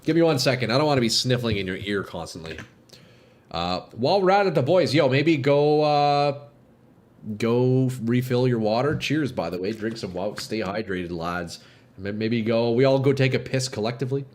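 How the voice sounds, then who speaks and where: A man streaming a game live, chatting casually with viewers, excitable and swearing, sniffling from a runny nose. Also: medium pitch, normal speed. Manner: excitable, swears, calls chat "bro" and "dude". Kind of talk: casual live gameplay chat.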